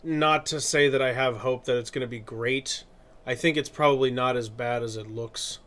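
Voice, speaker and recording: A man's voice: mid-range voice, steady tone, normal speed, a bit bright. A man streaming live, chatting casually in a rambling way, laughing often and correcting himself. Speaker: streamer and artist.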